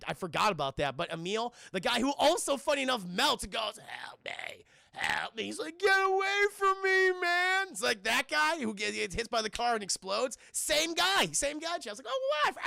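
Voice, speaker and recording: A man live-streaming a casual, profane recap of a film to his chat, rambling and acting out scenes in loud voices. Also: high voice, creaky, no echo, clean studio sound. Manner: talks to chat, thanks viewers.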